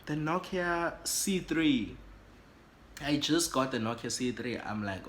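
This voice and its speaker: Male vlogger from Africa, animated storyteller, mid pitch, faint room noise. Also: slow pace. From South Africa. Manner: animated and dramatic, swoops high in pitch for effect. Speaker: YouTuber. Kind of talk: storytime vlog.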